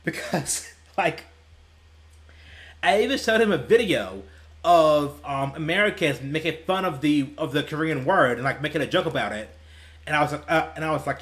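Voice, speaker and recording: A man's voice: on the high side, sing-song, unhurried, fairly bright tone. A young man and gaming YouTuber telling stories casually, rambling and laughing at his own tales, with faint music behind him. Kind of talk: casual storytelling while playing.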